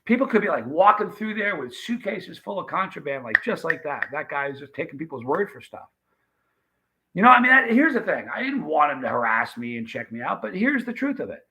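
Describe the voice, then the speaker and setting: A man's voice: on the high side, big pitch swings, brisk, pushed and bright, rough recording. A man from the United States hosting a live stream, telling a rambling story in a chatty way and talking straight to his viewers. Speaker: livestream host.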